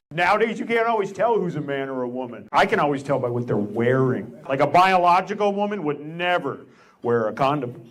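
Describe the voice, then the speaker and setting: A man doing a stand-up comedy set with deadpan delivery and crowd work in a large theater. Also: on the high side, brisk. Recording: echoey hall with loud noise and crowd.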